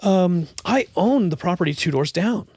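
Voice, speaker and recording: A woman's voice: fairly low pitch, animated, moderate pace, a little mellow, breathy edge, no room sound, studio quality, voice pushed up. A man voicing a brash, larger-than-life woman landlord who talks in a breezy, sweet-talking way.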